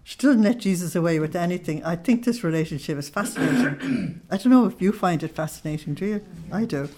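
A woman's voice: lowish voice, lively intonation, fairly quick, warm tone. A middle-aged woman giving an informal religious talk to a group, reading quotes aloud with feeling and laughing often. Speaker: speaker on Christian mysticism.

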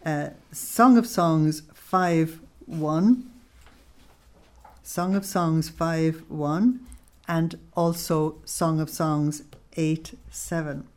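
A woman's voice: low-pitched, fairly even intonation, extremely slow, darkish tone. A middle-aged woman giving an informal religious talk to a group, reading quotes aloud with feeling and laughing often. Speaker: speaker on Christian mysticism.

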